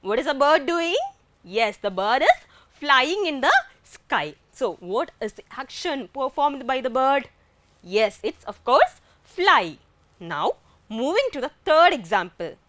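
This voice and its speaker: A woman's voice: sits high, big pitch swings, takes it slowly, a bit bright, no echo. A woman with an Indian English accent teaching a grammar lesson, asking questions and answering them herself.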